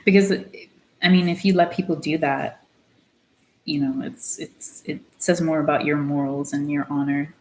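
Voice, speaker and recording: Low-pitched young woman vlogger, casual painting chat, blunt and sweary, faint background noise. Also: steady tone, normal speed, poor audio. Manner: ranting, profane, blunt; drops into Spanish phrases. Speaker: artist vlogger.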